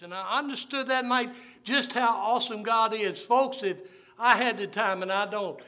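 An older man, a Baptist pastor preaching a sermon and telling folksy, animated stories. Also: high-pitched, moderate pace, soft background music. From Southern US. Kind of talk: sermon with storytelling.

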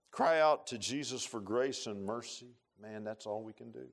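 A man preaching a heartfelt sermon in a church. His voice sits low, then climbs high and loud in emotional bursts before sinking to hushed confession. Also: moderate pace. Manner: earnest, emotional preaching with rising bursts and soft confessional drops. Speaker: pastor. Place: church sanctuary.

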